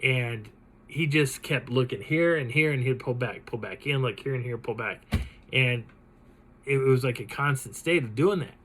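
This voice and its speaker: A man's voice: medium pitch, moderate pace, rough recording. Man dramatically retelling an encounter. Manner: animated, dramatic retelling with laughs. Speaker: channel host. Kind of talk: telling a personal encounter story.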